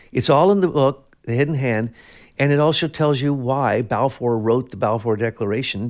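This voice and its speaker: A man co-hosting a political talk show, speaking emphatically, piling up sweeping claims with frequent restarts. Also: medium pitch. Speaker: co-host.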